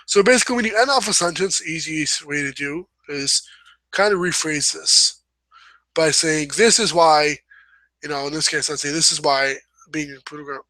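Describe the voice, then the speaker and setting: At a moderate pace, a young man hosting a relaxed writing lesson rambles along, pausing to fix his mistakes and say sorry. His voice is bright and forceful, pitched slightly high, recorded close and dry with no room echo.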